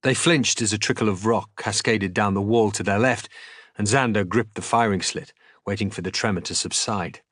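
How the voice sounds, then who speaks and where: A man reading a novel aloud in an expressive, dramatic audiobook style as a streamer. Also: on the low side, moderate pace, no echo, studio quality.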